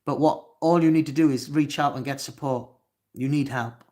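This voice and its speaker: Welsh guy in his 20s doing a live stream, reads chat out loud, snaps and swears at trolls. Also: medium pitch, fairly even intonation, normal speed. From Wales. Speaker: livestream host.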